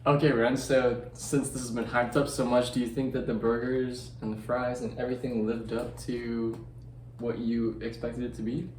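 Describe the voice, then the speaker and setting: A young man hosting a casual food vlog, upbeat and excitable, chatting while he eats. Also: medium pitch, moderate pace. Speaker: mukbang vlogger host. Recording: echoey room, distant mic, faint noise.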